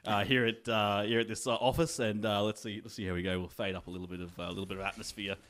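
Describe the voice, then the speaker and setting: A man's voice: lowish voice, flat delivery, quick pace, a bit bright. A man hosting a casual comedy radio show, often laughing and filling gaps with "uh". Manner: laughs often, fills with "uh", runs the desk.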